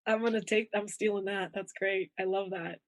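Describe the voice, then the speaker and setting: A woman coach talking through ideas in an easy, conversational way. She is animated and slips into quick acted voices as she makes her points. Her sound is dry and close, with no room around it. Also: no room sound. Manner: animated, acts out inner voices with shifting pitch. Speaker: intuition coach, guest. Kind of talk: conversational interview.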